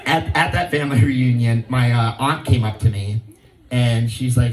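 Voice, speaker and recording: In a medium-pitched, fairly quick voice, a Hawaiian comedian works an outdoor crowd with relaxed storytelling, imitating quoted people in raised voices. The mic is distant, leaving the sound echoey and off-mic with an audible audience.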